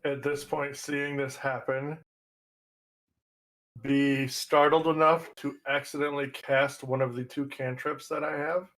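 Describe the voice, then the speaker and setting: A man's voice: mid-range voice, flat delivery, unhurried, a bit bright, rough recording. A man playing a tabletop game, describing his character's actions plainly and sometimes swearing. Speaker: player. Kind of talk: casual tabletop role-play.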